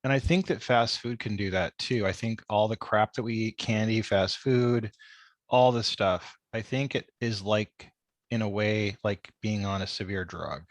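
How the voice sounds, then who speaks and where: A man's voice: fairly low pitch, steady tone, normal speed, dry recording. A man hosting a podcast interview, agreeable and chatty with his guest. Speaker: podcast host. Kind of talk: casual interview chat.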